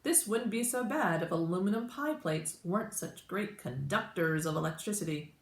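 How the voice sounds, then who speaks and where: Brief: impatient little science whiz, as a woman reads her, lively lecturing lilt in a roomy space. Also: lowish voice, moderate pace. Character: brisk know-it-all girl scientist. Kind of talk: storybook read-aloud. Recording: roomy echo.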